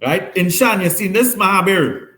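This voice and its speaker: A man's voice: high voice, animated, moderate pace, bright, forceful tone, slight background noise. A man teaching a maths class, explaining step by step and often checking with "right?". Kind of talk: classroom lesson. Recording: roomy classroom echo.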